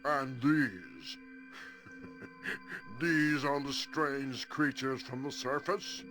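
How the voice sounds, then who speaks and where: A man's voice: mid-range voice, drawn-out words, sharp tone, faint music behind, voice pushed up, full character voice. A man voicing a scornful fish-man king who drags out his words with mocking laughter.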